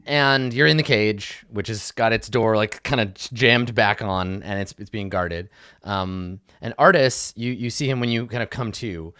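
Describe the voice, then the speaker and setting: A man narrating as dungeon master for a tabletop game, in a loose, chatty way with plenty of fillers. His voice sits low. The sound is dry and close. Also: moderate pace, bright, forceful tone, smooth, dry recording.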